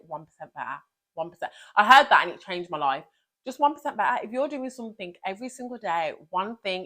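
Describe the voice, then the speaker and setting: A young woman, a vlogger and teacher, giving a motivational talk to camera in an energetic, emphatic way, often repeating key phrases. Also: mid-range voice.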